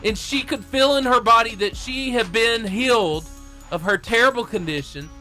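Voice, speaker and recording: A man co-hosting a radio talk show, earnestly explaining and reading a Bible passage in a lively storytelling way. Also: extremely high pitch, normal speed, soft background music. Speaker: co-host leading a Bible discussion. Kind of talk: casual radio talk, reading scripture aloud. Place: radio studio.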